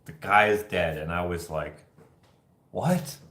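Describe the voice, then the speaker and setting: A man's voice: low voice, normal speed, echoey room. A man hosting a casual livestream, telling rambling stories and acting out the voices of the people in them. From Canada. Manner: rambling animated storytelling, acts out voices. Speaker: host. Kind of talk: casual livestream chat, reading viewer comments.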